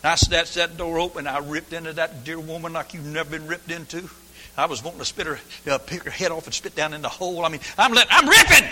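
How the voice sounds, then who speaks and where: An older man preaching a folksy sermon, swinging from hushed asides to shouted lines in a church. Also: fairly high pitch, steady tone, quick pace, noisy background. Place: church sanctuary. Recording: long hall reverb.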